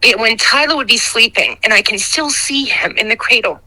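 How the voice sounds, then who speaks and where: Bright-voiced woman caller, candid and halting. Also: on the high side, low-quality recording. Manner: candid, halting, emotional storytelling. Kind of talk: personal account on a talk show.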